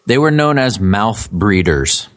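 A man's voice: fairly low pitch, takes it slowly. A man co-hosting a podcast, casually explaining creature lore with jokey asides. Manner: animated storytelling, jokey asides. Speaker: podcast co-host.

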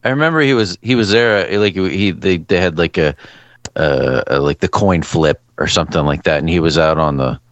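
A man's voice: low-pitched, moderate pace. A man co-hosting a casual podcast chat, telling stories in a dry, wry way. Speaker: podcast co-host.

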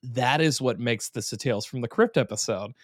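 A man's voice: medium pitch, a little fast, no room sound, clean studio sound. A man co-hosting a casual podcast, animatedly recapping an episode with swearing and silly voices. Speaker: podcast co-host.

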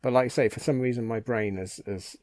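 Guy co-hosting a podcast, warm low-key voice, jokes around, laughs a lot. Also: fairly even intonation, fairly quick, no room sound. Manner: playful, jokey asides, laughs often. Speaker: podcast co-host. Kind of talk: casual chat.

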